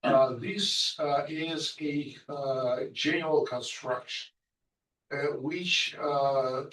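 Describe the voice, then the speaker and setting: A man in a lecture audience asking a long technical question, slow and halting with many fillers. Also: fairly high pitch, steady tone, fairly bright tone. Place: lecture hall. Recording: echoey hall, voice from far off.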